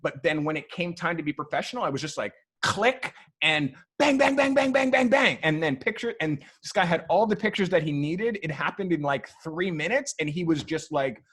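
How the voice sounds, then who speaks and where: A man, a photographer, telling long stories in a relaxed interview, full of fillers like "um" and "like". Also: a little high, fairly quick, hardly any pauses, breathy edge. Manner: loose, animated storyteller who acts out quoted people; frequent fillers like "um" and "like". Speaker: photographer guest. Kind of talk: storytelling in a podcast interview.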